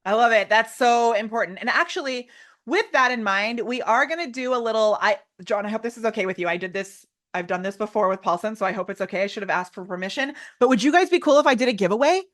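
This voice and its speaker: A woman in her thirties presenting a live online workshop with energetic, theatrical, over-the-top enthusiasm. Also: a little high, fast talker. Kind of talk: live webinar teaching.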